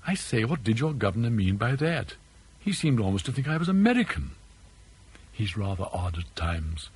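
A man's voice: on the low side, big pitch swings, normal speed, husky, exaggerated voice. A man voicing an awkward, nervous young businessman who talks in a hesitant, puzzled way.

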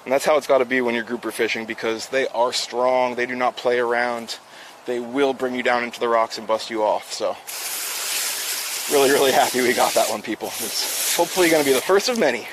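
Working outdoors on his fishing livestream, a South Florida man keeps up a brisk, upbeat, chatty stream of casual instruction and talk with viewers. His mid-range voice is a bit bright, with a little hiss or hum on the audio.

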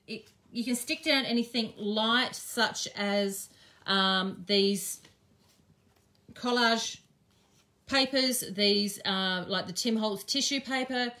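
A woman's voice: mid-range voice, bright, forceful tone. Chatty Australian woman demonstrating crafts. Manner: chatty, thinks aloud, frequent ums. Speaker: craft teacher and shop owner. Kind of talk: live-streamed craft demonstration.

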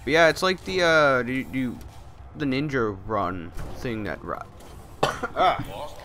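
A young man giving casual let's play commentary, excitable, swearing and talking to the game as he plays, with game music behind him. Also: mid-range voice, slow pace, noisy background. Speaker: gameplay commentator.

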